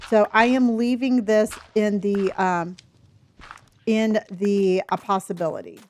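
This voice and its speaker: A woman's voice: mid-range voice, steady tone, slow pace, darkish tone, a little hiss or hum. A middle-aged woman livestreaming a game, chatting casually and rambling as she reads her chat and laughs often. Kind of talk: casual chat while gaming.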